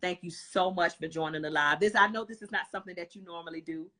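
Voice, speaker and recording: A woman's voice: fairly low pitch, fast, sharp tone. A woman hosting a live stream show, gushing and effusive in casual chat.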